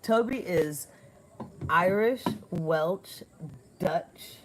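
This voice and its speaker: Chatty woman livestream host, low voice, laughs easily, outdoors at home on a phone stream. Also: extremely slow, background noise. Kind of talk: casual live chat, reading viewer comments.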